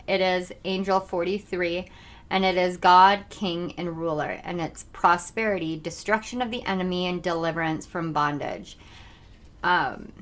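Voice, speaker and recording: A young woman giving a channeled tarot reading to her viewers, talking fast, intense and earnest. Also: on the low side, a bit bright. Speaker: tarot reader.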